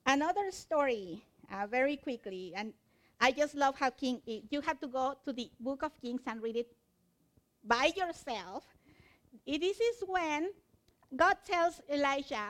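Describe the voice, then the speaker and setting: A woman preaching a sermon, telling a Bible story with animated storytelling and acting out the characters' lines. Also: sits high.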